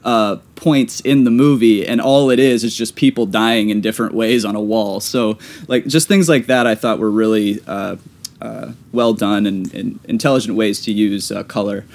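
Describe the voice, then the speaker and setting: A man's voice: on the low side, fairly even intonation, moderate pace, darkish tone. Easygoing man chatting about films. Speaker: film podcast co-host. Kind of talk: casual film review chat.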